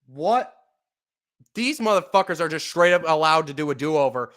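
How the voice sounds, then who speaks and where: A young man calling a football game play by play for his podcast, swearing freely and flaring from muttered disbelief into loud, high-pitched outbursts. His voice sits a little higher than most men's. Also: moderate pace. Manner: profane, exasperated, swings into loud outbursts. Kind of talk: live fan play-by-play commentary.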